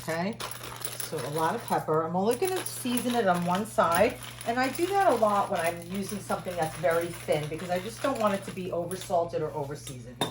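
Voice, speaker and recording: A woman's voice: lowish voice, animated, a little fast. A woman chef giving a chatty, upbeat home cooking demonstration in her kitchen. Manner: chatty and upbeat, laughs at herself. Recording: loud background noise.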